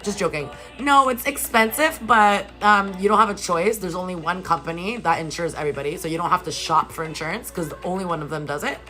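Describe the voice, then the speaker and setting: Young woman, bright voice, chatty and loose, swears a lot, soft music behind; casual vlog chat. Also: lowish voice, fairly quick, hardly any pauses, low-quality recording. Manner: chatty and animated, swears often, reads out chat questions. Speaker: vlogger chatting with livestream viewers. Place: hotel room.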